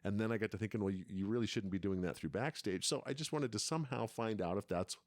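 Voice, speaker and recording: A man's voice: on the low side, quick pace, no echo, studio quality. A middle-aged man telling a long story in casual chat, rambling and restarting his sentences often. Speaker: podcast co-host, father.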